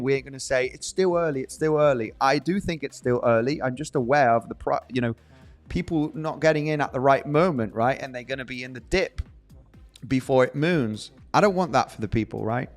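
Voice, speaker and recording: A young man chats through a live trading stream, joking with viewers and often restarting his sentences. His pitch sits in an ordinary middle range. Faint background music plays under his voice. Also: brisk. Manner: animated, jokey, many restarts. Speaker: livestream host. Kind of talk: casual live-stream chat, reading viewer comments.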